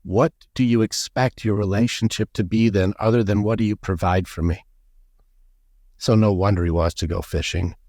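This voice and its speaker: A man coaching on masculinity in a podcast conversation, animated and blunt, acting out quoted voices. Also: on the low side, moderate pace, no echo, clean studio sound. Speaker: guest, men's coach.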